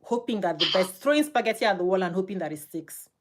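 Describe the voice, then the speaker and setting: A middle-aged woman guest on an interview show, speaking in a middle-pitched voice. She talks emphatically and laughs often, and her pitch leaps upward when she gets worked up. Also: expressive, fast. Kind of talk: emphatic casual interview talk.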